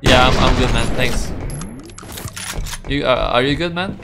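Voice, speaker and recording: A man's voice: mid-range voice, a little slow, pauses often, a bit bright. A young man giving profane, rambling, mock-angry commentary while playing a video game. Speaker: gaming streamer. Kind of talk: let's play commentary. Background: game music and gunfire.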